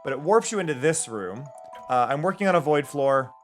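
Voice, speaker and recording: The streamer's voice is fairly high and animated, moving a little fast. He talks easygoing on a livestream from his home room, describing what he builds in a game into a desk mic as faint game music plays.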